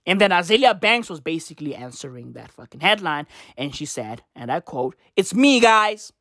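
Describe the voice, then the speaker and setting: A woman giving excitable, profane reaction commentary, repeating slang fillers. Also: low-pitched, a little fast, dry recording, studio quality.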